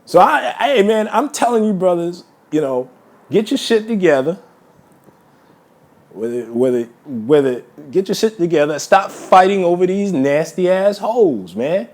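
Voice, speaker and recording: A man's voice: high voice, animated, a little slow, a little mellow. A man ranting heatedly in a monologue to his viewers, repeating himself and tacking "man" onto most sentences. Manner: heated, repetitive, addresses listeners as brothers, says man constantly. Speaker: vlogger.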